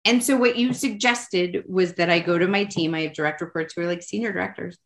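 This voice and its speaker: A woman's voice: lowish voice, a little fast. Open, chatty woman guest. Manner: open, chatty, emotional, self-mocking. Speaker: podcast guest. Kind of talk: candid personal conversation. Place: home.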